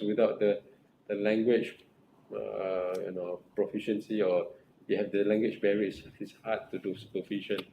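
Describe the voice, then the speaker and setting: A man supervising research students in a group session, speaking haltingly and often checking that they follow. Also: on the low side, dark tone, slight background noise, low-quality recording. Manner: halting, checks understanding with tag questions.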